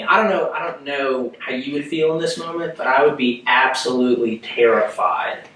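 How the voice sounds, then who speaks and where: A man's voice: mid-range voice, normal speed, a bit bright, far from the mic. A young man leading a preteen worship lesson, explaining scripture in a chatty way with lots of rhetorical questions. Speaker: youth worship leader. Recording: echoey room, off mic.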